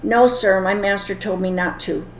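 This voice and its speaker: A woman voicing a polite young servant boy who answers softly and firmly, in an echoey room. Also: mid-range voice, fairly even intonation, normal speed, natural voice. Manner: soft, quiet and polite.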